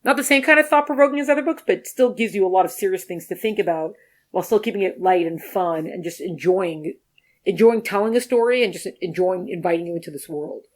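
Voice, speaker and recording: A woman co-hosting a podcast, talking through a book in a relaxed way with frequent fillers. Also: mid-range voice, fast. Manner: relaxed, filler-heavy, easygoing. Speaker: podcast co-host. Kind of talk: casual book discussion.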